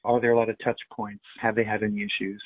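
Husky man on a tinny phone line. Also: on the low side, little pitch movement, fast talker, dry recording. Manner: conversational, with fillers. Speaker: cruise travel seller. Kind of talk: phone interview answers.

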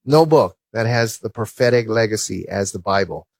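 A man giving a lively Christian apologetics talk, full of stories and rhetorical questions. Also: lowish voice, normal speed, no room sound. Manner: animated, storytelling, rhetorical questions.

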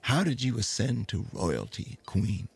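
A man's voice: lowish voice, big pitch swings, a little slow, vocal fry, breathy edge, exaggerated voice. A man voicing an eager male magazine reporter who asks polite questions. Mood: curious. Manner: polite, inquisitive.

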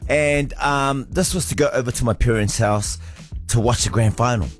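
A man, a radio co-host in his thirties, telling a funny story in animated, laughing casual chat. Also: medium pitch, normal speed, faint music behind.

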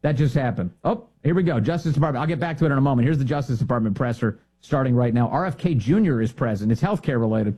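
A man's voice: mid-range voice, animated, quick pace, hardly any pauses, dark tone, husky. A middle-aged man hosting a live political commentary show, combative and mocking, calling opponents names.

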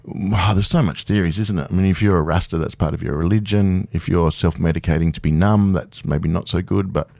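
A man's voice: low voice, fairly quick, gravelly, few pauses, a little mellow, no room sound. A man in his fifties, a guest speaking candidly and self-deprecatingly in a casual radio interview, laughing easily. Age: 50s. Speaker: guest performer.

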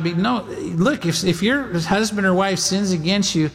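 Rich: A man preaches with a notably high voice, leaning into plain conversational talk, repeating himself and addressing the congregation directly. His words ring out with a long reverb tail, as in a large hall. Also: measured pace, gravelly, few pauses, a bit bright. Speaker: pastor. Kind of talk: sermon.

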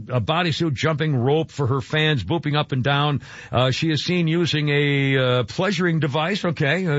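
An older man hosting talk radio, rambling in a halting way with many fillers and restarts. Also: fairly high pitch, no echo. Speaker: radio talk show host. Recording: dry, slightly dull radio studio sound.

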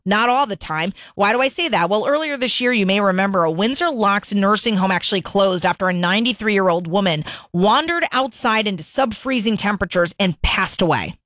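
A woman talk radio host speaking straight to her listeners, pressing her points with repeated words and firm stress. Her voice sits at a middle pitch and sounds close and dry, with no room around it. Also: a bit bright, no room sound. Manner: emphatic, repeats herself for stress. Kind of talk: opinionated talk radio monologue.

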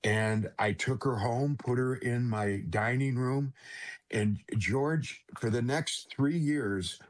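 A man, a guest on an interview show, telling a personal faith story earnestly, with halting restarts and repeated direct address to the host. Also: mid-range voice. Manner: halting restarts at emotional moments.

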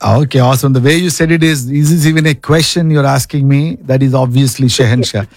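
A man's voice: mid-range voice, steady tone, brisk, a little mellow, no room sound, faint music behind. A man hosting a radio call-in show from a studio, upbeat and reading ads between callers. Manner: upbeat, repeats the call-in number.

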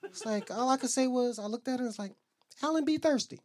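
A man doing a stand-up comedy set, telling brash, profane stories and acting out loud exchanges. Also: very high voice, fairly even intonation, fast. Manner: brash, profane storytelling with loud character bits. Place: comedy club stage.

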